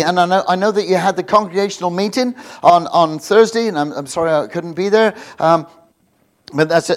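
A man giving an informal, jokey sermon, rambling with many restarts. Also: high-pitched. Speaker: visiting preacher.

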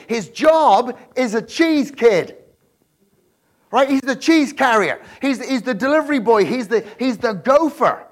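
A male preacher giving an animated, jokey sermon, often laughing and checking in with the crowd with quick rhetorical questions. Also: very high voice. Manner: animated, asks the crowd frequent "right?" questions.

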